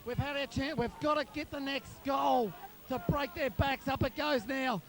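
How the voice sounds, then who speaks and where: An Australian man giving excited live play-by-play of a local football match, shouting the big moments, recorded on an old archive tape at an outdoor ground. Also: very high voice, normal speed. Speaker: football commentator. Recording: 1994 archive tape, loud crowd behind. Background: cheering crowd.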